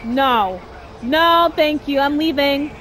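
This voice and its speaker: A woman giving casual let's-play commentary on a horror game, chatty and excitable, talking to herself and shouting at the game. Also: high voice, slow pace, noisy background. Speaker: gamer playing a horror game.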